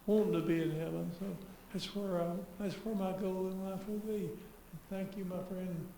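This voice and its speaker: An older man giving halting, heartfelt thanks during brief remarks at a public meeting in a county commission room. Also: sits high, steady tone, mellow. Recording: echoey room with faint noise.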